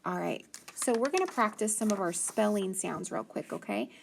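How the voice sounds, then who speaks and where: A woman teaching a phonics lesson to young children, sounding out letters slowly and clearly and praising often. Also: medium pitch, expressive, slight background noise.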